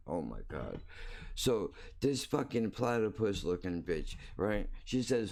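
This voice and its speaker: A man's voice: fairly low pitch, very animated, unhurried, a little mellow. A man hosting his own show, telling a story in a blunt, crude, rambling way, full of profanity and restarts. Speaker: podcast host.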